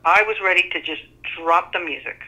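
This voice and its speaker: A woman's voice: on the low side, brisk, rough recording. A middle-aged woman with a Texan accent, a singer talking as an interview guest and acting out what others told her. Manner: animated, acts out quoted voices. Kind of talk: conversational storytelling.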